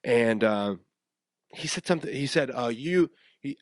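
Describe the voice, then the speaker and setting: Young male podcast host, middle pitch, dry close mic, rambling casual storyteller who acts out quotes. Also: expressive, moderate pace, no room sound. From West Coast of the USA.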